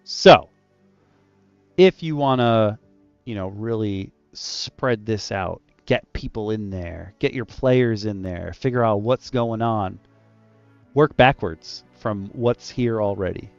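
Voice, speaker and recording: Casual chatty man, clear dry lo-fi sound. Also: on the low side, slow pace, no echo, faint music behind. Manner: animated and loose, heavy use of "like". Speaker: dungeon master discussing adventure design. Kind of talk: casual roundtable chat.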